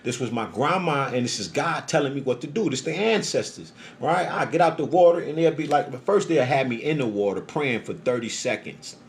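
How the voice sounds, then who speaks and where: A man telling a rambling, profanity-heavy personal story on a livestream, animated and emphatic, often acting out the voices he quotes. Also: a little fast, few pauses. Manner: acts out voices in quotes, pitch jumping up. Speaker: social media livestreamer.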